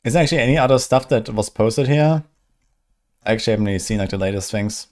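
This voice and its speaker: A man's voice: mid-range voice, quick pace. A man streaming and chatting casually in a laid-back, hesitant way.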